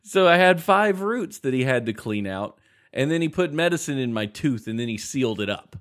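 A man's voice: medium pitch, expressive, normal speed, fairly bright tone. A man telling a long story in casual podcast chat, rambling and laughing as he goes. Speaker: podcast host.

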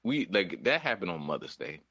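A man's voice: sits low, very animated, moderate pace, bright, forceful tone, slightly rough, no room sound, clean studio sound. A man co-hosting a casual podcast chat, rambling, restarting sentences and laughing often. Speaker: podcast co-host.

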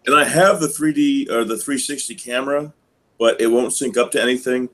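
Man, podcast co-host, casual chat, rambling anecdotes, mimics people, middle pitch. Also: brisk, fairly bright tone.

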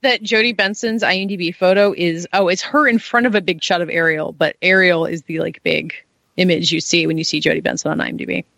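A woman's voice: on the low side, fairly even intonation, fairly quick, gravelly, a bit bright, dry recording. A woman co-hosting a podcast, chatting enthusiastically and saying "like" often. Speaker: podcast co-host. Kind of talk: casual chat.

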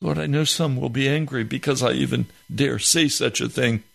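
A man praying aloud, pleading and heavy-hearted in a slow, impassioned spoken prayer. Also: medium pitch, vocal fry, fairly bright tone.

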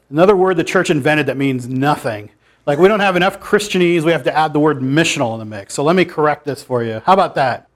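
A man giving an informal sermon to a church group, conversational and challenging, with dry asides. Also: a little high. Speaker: pastor. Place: church meeting room.

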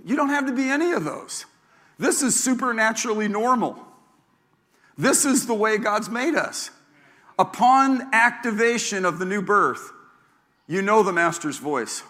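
Folksy older pastor, bright voice. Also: male voice, sits high, lively intonation, unhurried, big-room sound. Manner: folksy, joking, repeats himself. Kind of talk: sermon. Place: church sanctuary.

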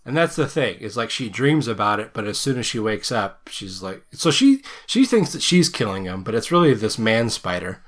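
A man's voice: fairly low pitch, sing-song, normal speed, hardly any pauses. A man co-hosting a podcast, recapping a horror movie in casual chat with a rambling, laughing manner full of crude jokes. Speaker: podcast co-host.

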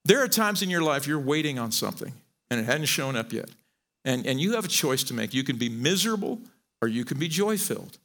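A middle-aged man preaching a sermon, animated and joking, often repeating his words as he goes. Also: medium pitch, brisk. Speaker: pastor.

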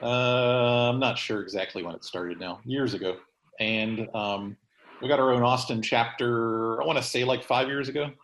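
Man, podcast host, casual chat, rambling, lots of ums and uhs, mid-pitched voice. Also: normal speed, a bit bright, roomy sound, slight background noise, rough recording. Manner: rambling, many fillers and restarts.

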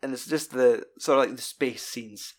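At a moderate pace and medium pitch, a Scottish-accented man chats loosely about movies. His retelling is animated and rambling, and he curses frequently.

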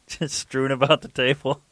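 A man hosting a casual sports podcast, relaxed and teasing, laughing often. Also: medium pitch, measured pace, dry recording. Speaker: podcast host. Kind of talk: casual chat.

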